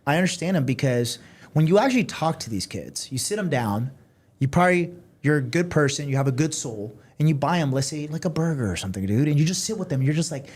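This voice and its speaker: A man's voice: fairly high pitch, animated, fast talker, breathy edge. A man hosting a casual podcast, earnestly telling a story and chiming in with agreement. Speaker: podcast host.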